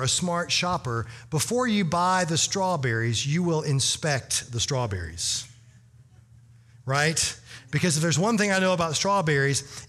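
A man's voice: fairly high pitch, a bit bright. A man preaching in a humorous, conversational way, telling a story to his congregation with lots of "you know" fillers. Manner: addresses the congregation directly. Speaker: pastor. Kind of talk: storytelling sermon.

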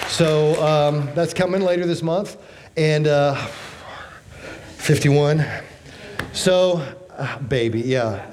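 Pastor in his 50s, higher-pitched male voice, punchy sermon delivery with quips. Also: fairly even intonation, moderate pace, a little mellow. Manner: emphatic, rhetorical questions, joking asides.

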